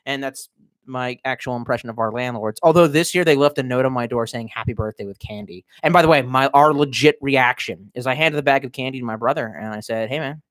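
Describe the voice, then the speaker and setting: In his thirties and a bit drunk, a man rants on a livestream from his cramped bedroom, rambling, profane and sardonic. His mid-range voice is brisk and slightly bright, and the sound is clean studio quality with no room tone.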